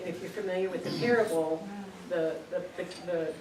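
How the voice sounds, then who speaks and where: A middle-aged woman with a lowish, brisk, slightly mellow voice gives an earnest spiritual talk to a group in a meeting room, telling stories and repeating words for emphasis. It's informal teaching, recorded on a distant mic in an echoey, noisy room.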